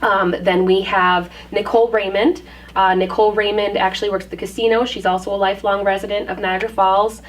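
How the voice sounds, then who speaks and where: A woman's voice: mid-range voice, level tone, fairly quick. A woman being interviewed as a community project organizer, speaking earnestly and casually with lots of ums. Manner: earnest, filler-heavy, with frequent ums. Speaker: guest, dog park organizer. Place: community hub building, indoors. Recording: distant mic, faint room noise.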